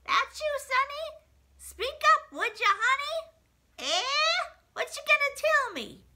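A woman voicing a hard-of-hearing old granny who shouts "eh?" and asks people to speak up. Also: very high voice, very animated, takes it slowly, very noisy, voice pushed up, exaggerated voice. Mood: loud, puzzled. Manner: shouts "Eh?" cupping for sound.

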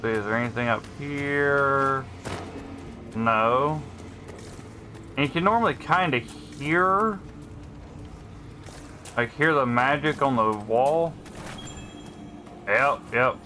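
A man's voice: mid-range voice, takes it slowly, long pauses, pushed and bright, soft background music. A man casually commentating his gameplay, thinking aloud in a laid-back way. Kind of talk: casual let's-play commentary.

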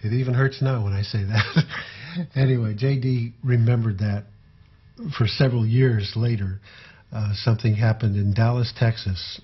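An older man, a former tour manager, telling personal anecdotes in a relaxed, halting way. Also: mid-range voice, husky, muffled recording. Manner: relaxed, halting storyteller with fillers.

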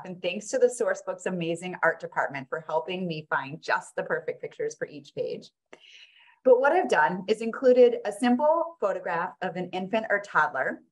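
Woman author, low voice, lively sing-song read-aloud of her picture book. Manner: animated, sing-song when reading sounds aloud.

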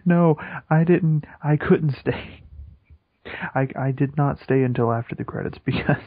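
A young man with a husky voice trading dry, deadpan jokes on a podcast. The sound is muffled and lo-fi. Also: medium pitch, unhurried, dry recording. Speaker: podcast co-host. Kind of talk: casual podcast chat. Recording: dull lo-fi podcast recording.

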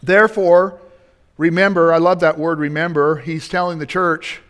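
A man's voice: on the high side, fairly even intonation, normal speed, a bit bright. A man preaching a sermon in a church, building to emphatic points and turning to the congregation with asides. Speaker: pastor. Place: church sanctuary.

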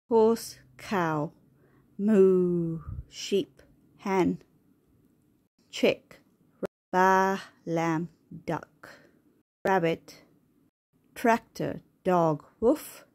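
A woman with a lowish voice reads a picture word book aloud for small children. She says each word on its own, slowly and clearly, with a pause after it. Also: expressive, a little mellow. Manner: slow, clear, one word at a time.

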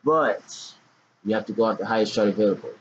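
A man's voice: on the low side, brisk. A man casually talking about forex trading in a loose, joking, slangy way with hyped outbursts. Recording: dull lo-fi recording with faint noise.

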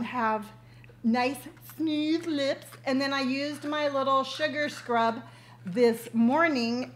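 Over slight background noise, a high-voiced woman in her fifties chats warmly on a casual live stream and reads viewer comments aloud. Frequent ums and restarts pepper her talk, captured by the built-in mic on her device.

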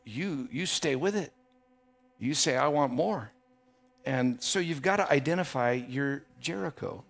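A man preaching a sermon as a pastor, emphatic and building to impassioned passages, often repeating words as he builds a point. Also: medium pitch. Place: church.

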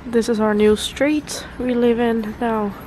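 A woman's voice: on the high side, fairly even intonation, takes it slowly, background noise. A young woman from the Netherlands, giving a casual, giggly vlog tour of a new apartment, laughing often and swearing freely. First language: Dutch. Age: young adult. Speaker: vlogger.

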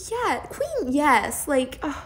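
A young woman talks through a doll unboxing at home in a high, bubbly voice that swoops up and down. She gushes and squeals with excitement, mixing in casual slang, yet her pace stays slow and drawn out. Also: slight background noise.

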